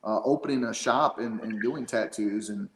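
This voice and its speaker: A man's voice: on the low side, moderate pace, roomy sound, rough recording. A man chatting casually as a guest, rambling with lots of fillers and restarts. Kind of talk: casual chat.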